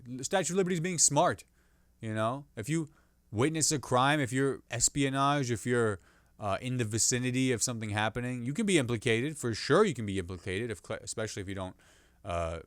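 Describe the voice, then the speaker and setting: A man hosting a comedy podcast, riffing on the news in a rambling, animated way and restarting jokes mid-sentence. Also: medium pitch, clean tone, no room sound, studio quality.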